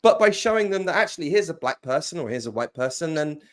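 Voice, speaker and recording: A man talking in a casual conversation, laying out his argument in a measured way. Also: a little high, animated. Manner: measured, reasoning aloud.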